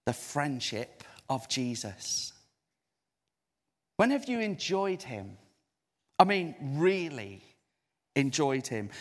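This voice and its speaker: A preacher with a lively, swooping voice, delivering a sermon slowly and deliberately. He stretches key words for emphasis and invites his listeners to say phrases back, while long reverb from the church hall trails behind each line. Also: on the high side. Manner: expressive, drawn-out emphasis, audience call-and-response.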